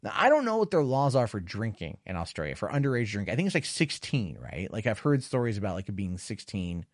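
A man's voice: on the low side, sing-song, fast talker, no room sound, clean studio sound. A man hosting a casual livestream, reading chat and news stories and riffing on them in a rambling, repetitive, sarcastic way with some swearing. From United States.

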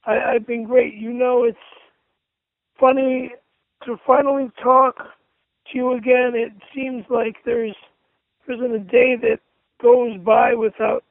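Man, angry profane rant, reads out punctuation, gravelly voice, tinny phone line. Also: very high-pitched, dry recording. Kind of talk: angry rant reading messages aloud.

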